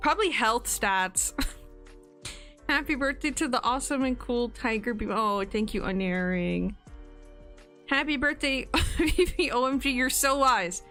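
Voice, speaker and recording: Her fairly high voice is bright and forceful, unhurried, over soft background music. She's a woman in her twenties on a casual stream, laughing often, giggling and getting emotional as she reads birthday messages.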